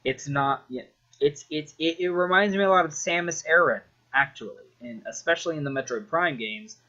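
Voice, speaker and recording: A man's voice: a little high, normal speed, pushed and bright, highs cut off. A man casually rambling about a video game he loves, full of fillers, restarts and swearing.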